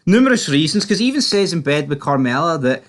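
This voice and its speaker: A man co-hosting a casual TV review chat, blunt and jokey with quick quips. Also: fairly high pitch, sing-song. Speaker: podcast co-host reviewing a TV episode.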